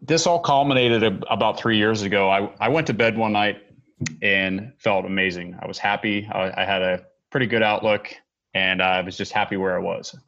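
Earnest low-voiced veteran man, muffled sound. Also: fairly even intonation, vocal fry, fairly bright tone. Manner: earnest, halting, with many restarts and pauses. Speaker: military veteran speaker. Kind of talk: personal testimony to an audience.

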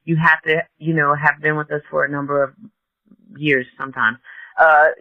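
Bright-voiced man hosting a podcast. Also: a little high, little pitch movement, normal speed, no echo, lo-fi sound. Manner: rambling, hesitant, many fillers and restarts. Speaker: podcast host. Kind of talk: casual podcast interview.

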